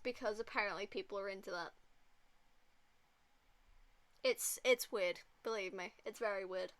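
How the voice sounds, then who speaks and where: A woman's voice: medium pitch, a little fast, a bit bright. A young woman streamer chatting casually and rambling with lots of fillers while playing a game. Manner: rambling, filler-heavy, giggly. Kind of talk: casual gameplay chat.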